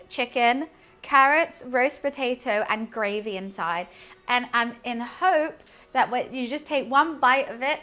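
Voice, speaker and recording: High-voiced giggly woman streamer. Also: a bit bright. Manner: chatty, giggly, easily distracted. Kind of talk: casual live-stream cooking chat. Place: home kitchen.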